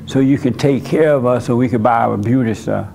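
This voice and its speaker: A man voicing a stubborn old woman who lectures a man in a shop, speaking slowly and insistently. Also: mid-range voice, gravelly, very noisy, natural voice.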